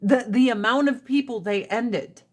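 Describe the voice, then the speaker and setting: A woman's voice: on the high side, unhurried, a little mellow. A woman hosting a casual live stream, talking bluntly with plenty of profanity and ranting with rising emphasis. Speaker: livestream host. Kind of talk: casual livestream chat.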